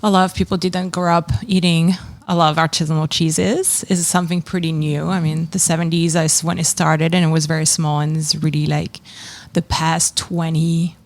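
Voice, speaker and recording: French-accented woman with a gravelly low voice. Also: level tone, normal speed, no echo. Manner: explanatory, laughs easily. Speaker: cheese shop owner, guest. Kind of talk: casual podcast interview.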